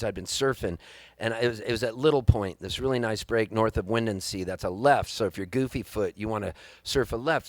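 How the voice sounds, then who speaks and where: A man, a singer-songwriter, telling an animated story between songs at a live music venue and acting out the people in it. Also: medium pitch, no room sound. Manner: animated, excitable storyteller who acts out the people he quotes.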